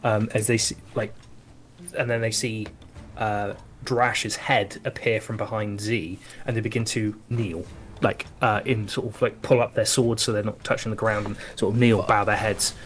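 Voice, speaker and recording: A man narrating as game master of a tabletop game, who pauses often as he searches for the words to describe each scene. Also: on the low side, steady tone, slight background noise.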